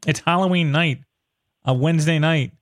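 A man hosting a podcast, talking in a casual, excitable way and ranting with exasperation. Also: a little high, moderate pace, dry recording, studio quality. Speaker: podcast host. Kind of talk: casual comic book chat.

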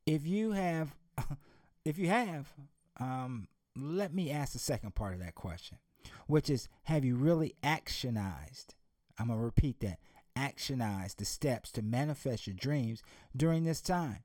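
A man's voice: mid-range voice, lively intonation, unhurried, darkish tone, no room sound, clean studio sound. A man giving an emphatic motivational talk, posing rhetorical questions and telling a story. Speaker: motivational speaker.

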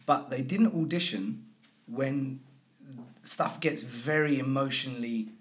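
A man, an accent and dialect coach, talking through his work in a relaxed interview, acting out the people he quotes and repeating phrases to land a point. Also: medium pitch, takes it slowly. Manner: animated storyteller who acts out quoted people. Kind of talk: conversational interview.

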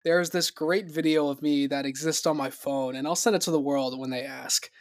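A man's voice: a little high, fairly even intonation, normal speed. A young man telling rambling stories in a casual podcast chat, laughing often and acting out quotes. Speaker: podcast guest.

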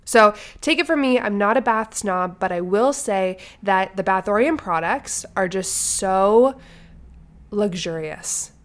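A woman's voice: mid-range voice, lively intonation, measured pace. A woman co-hosting a podcast, her voice nasal and stuffy from a cold, chatting upbeat and casual. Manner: upbeat, chatty, fond of "like" and "obsessed". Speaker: podcast co-host. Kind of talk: casual podcast chat and host-read ad.

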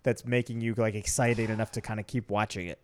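A man's voice: on the low side, flat delivery, fast talker. A man co-hosting a podcast in casual chat, talkative and swearing freely. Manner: chatty, swears, frequent laughs and restarts. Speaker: podcast co-host.

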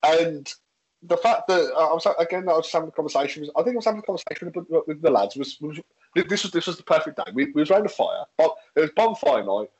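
A man's voice: on the high side, lively intonation, quick pace, a little mellow, husky, lo-fi sound. A man with a Birmingham accent chatting casually, telling stories bluntly and swearing freely. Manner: blunt and sweary, acting out quotes. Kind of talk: casual chat, storytelling.

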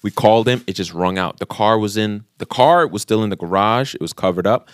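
A man's voice: fairly low pitch, fairly quick, dry recording. Guy in his 30s telling a wild story on a podcast, swears a lot, does the voices, dry close sound. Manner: animated, swearing, acts out quotes. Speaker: podcast co-host. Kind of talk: casual storytelling chat.

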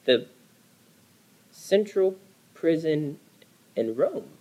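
A man's voice: a little high, expressive, drawn-out words, darkish tone, low-quality recording. A man, a pastor, preaching a sermon in an earnest, dramatic storytelling way with emphatic repetition. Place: church.

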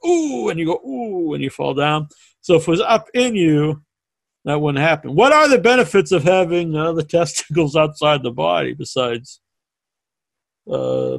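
A man's voice: on the high side, no echo. A man hosting a podcast live stream in a casual, joking, teasing and rambling way. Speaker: podcast host.

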